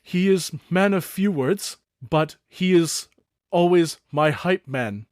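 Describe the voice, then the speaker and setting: A very old goblin grandmother who leads her village, speaking kindly and formally in broken grammar, as a man puts her on. The voice is pitched well above his own, with a dry, close sound. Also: takes it slowly, no echo. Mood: friendly.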